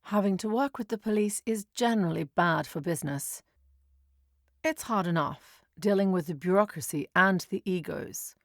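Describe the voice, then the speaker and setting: A woman's voice: on the low side, no room sound. A woman reading a first-person story in a dry, wry manner. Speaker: narrator. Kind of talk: first-person scripted narration.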